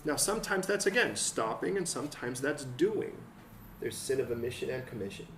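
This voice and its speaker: A man preaching a conversational sermon as pastor, acting out quotes and building to excited peaks. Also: medium pitch, brisk, a little hiss or hum. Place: church hall. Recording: roomy church sound from a distant mic.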